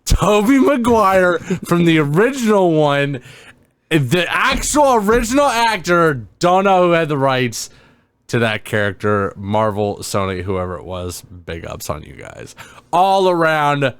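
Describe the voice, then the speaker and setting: Wry man with a lively voice. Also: on the high side, unhurried, clear, resonant tone, no echo. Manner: blunt, wry asides. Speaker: co-host. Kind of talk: casual movie recap chat.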